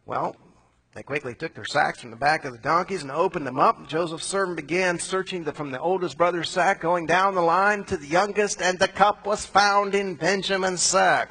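A preacher retells a Bible story in a loose, animated, chatty manner. His voice is husky and a bit breathy, pitched slightly above the usual male range. He drops in slangy asides as he goes. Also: moderate pace, rough recording.

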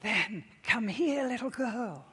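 A woman preacher voicing a gentle male shepherd healer in her story, speaking slowly and softly. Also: a little high, lively intonation, husky, voice pushed up, exaggerated voice. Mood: tender. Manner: slow, soft and quiet. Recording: long reverb in a large hall.

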